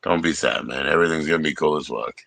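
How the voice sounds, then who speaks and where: A man's voice: rumbling low, fast, vocal fry, a bit bright, no room sound. A man hosting a livestream in casual chat, joking, teasing and swearing freely. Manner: joking, profane, teasing banter. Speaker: livestream host.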